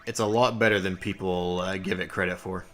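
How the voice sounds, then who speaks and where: A man's voice: low voice, fairly even intonation, fairly quick, a bit bright. A young man casually commenting on his gameplay and explaining game mechanics. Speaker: let's play host. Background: game music.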